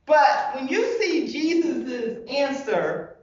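A woman's voice: high-pitched, expressive, slow pace, dull audio. A woman pastor preaching a sermon, emphatic and full of rhetorical questions, recorded from a distance in a large church hall.

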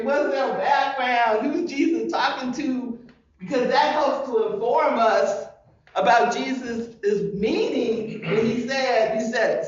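A woman's voice: fairly high pitch, muffled recording. A woman pastor preaching a sermon, emphatic and full of rhetorical questions, recorded from a distance in a large church hall.

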